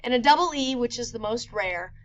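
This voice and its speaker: A woman teacher explaining grammar rules step by step in a recorded lesson, slowing down to spell out examples. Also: on the high side, expressive, highs cut off. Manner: clear, methodical explaining with slow spelled-out examples. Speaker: Spanish teacher.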